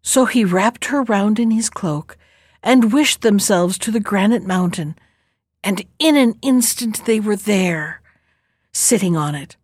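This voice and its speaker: A woman reading a fairy tale aloud in a calm, measured storytelling voice. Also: medium pitch, no echo, studio quality.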